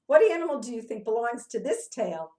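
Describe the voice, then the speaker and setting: Animated, coaxing woman reading to kids. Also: a little high, a little fast. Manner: animated, coaxing, sing-song chants, asks children questions. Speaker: children's movement teacher. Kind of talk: interactive read-aloud for young children.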